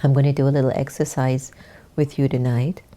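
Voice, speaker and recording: Low, mellow-voiced woman spiritual teacher. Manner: chatty storytelling that slows into calm, unhurried teaching; addresses her audience directly, inviting them to share and take part. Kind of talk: casual talk and meditation teaching.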